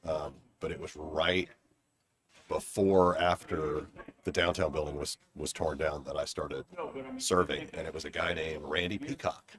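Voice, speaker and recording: A man's voice: very deep voice, fairly even intonation, unhurried, a crowd in the background. A middle-aged man telling stories in a reflective, rambling way during a casual conversation, recorded outdoors on a garden bench. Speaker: former board member.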